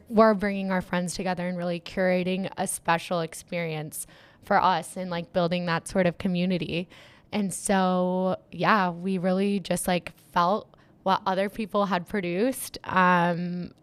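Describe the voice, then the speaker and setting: A woman's voice: lowish voice, clear, resonant tone, no echo. A young woman who organizes events and manages DJs, chatting in an interview and peppering her talk with "like.". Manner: chatty, lots of "like" fillers, excitable. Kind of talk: casual interview chat. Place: Miami.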